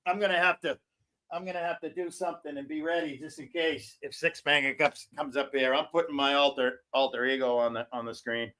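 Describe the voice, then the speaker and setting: A man's voice: fairly high pitch, steady tone, a little fast, pushed and bright. Rambling, joking man hosting a stream. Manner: rambling, joking, loose and giggly. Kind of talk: casual live-stream chat.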